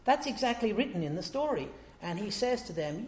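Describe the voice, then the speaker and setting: A man's voice: high voice, very animated, a little fast, echoey room. A man preaching a sermon in a conversational way, asking the congregation rhetorical questions and acting out quotes.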